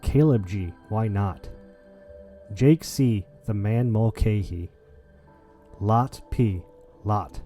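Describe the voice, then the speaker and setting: A man's voice: fairly low pitch, slow pace, pauses often, faint music behind. Jokey man hosting a podcast. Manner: excitable, jokey, trailing restarts. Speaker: podcast host. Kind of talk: casual podcast chat and wrap-up.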